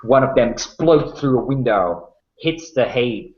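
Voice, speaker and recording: A man running a tabletop game, narrating slowly and dramatically with small restarts. His voice sounds roomy and a little dull. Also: medium pitch, expressive, a little mellow. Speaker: game master.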